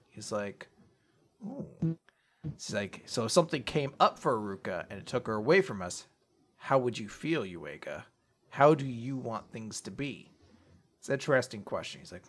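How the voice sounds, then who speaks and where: A man co-hosting a casual manga recap podcast, acting out the characters' lines in quick voices and swearing freely. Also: medium pitch, very animated. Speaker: podcast co-host.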